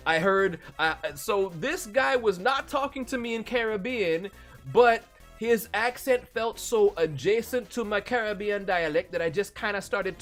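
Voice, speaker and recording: A man, a voice actor, hosting a casual live stream and answering viewer messages, chatty and animated. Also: sits high. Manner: chatty and animated, often laughing.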